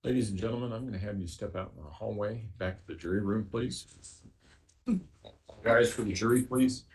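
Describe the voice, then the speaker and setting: A man presiding as judge in a courtroom, giving measured, formal instructions. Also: fairly low pitch, a little mellow. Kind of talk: courtroom procedure. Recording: distant courtroom audio.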